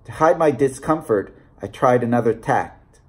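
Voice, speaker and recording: A man reading a short story aloud in a measured, deliberate narration. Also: medium pitch, lively intonation. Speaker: audiobook reader. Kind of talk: scripted narration.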